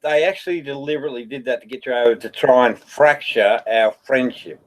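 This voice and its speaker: A man chats casually as co-host of a show. He laughs often and eggs on his partner. His voice has a plain middle pitch. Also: brisk, poor audio. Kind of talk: casual chat.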